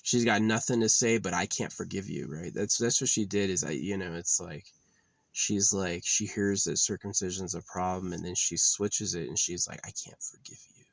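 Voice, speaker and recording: A man's voice: deep voice, moderate pace, gravelly, no echo. A man delivering a bitter, profane, rambling monologue as a vlogger.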